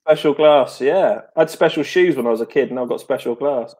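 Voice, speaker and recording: A man's voice: medium pitch, a little fast, a little mellow. A man co-hosting a casual live stream, easygoing and self-mocking as he chats about family. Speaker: co-host.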